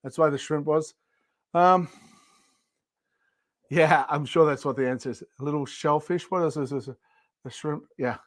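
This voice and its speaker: A woman's voice: low voice, unhurried, pauses often, dry recording. An Australian woman co-hosting a casual live chat, chatty and playful with giggly asides. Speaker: co-host.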